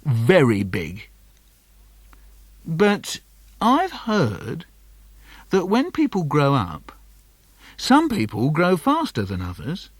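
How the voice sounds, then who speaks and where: A man reading his own children's poems for a studio cassette in an animated, comic way, slipping into lively character voices. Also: high-pitched, takes it slowly, breathy edge, no echo. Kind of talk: playful poetry reading for children.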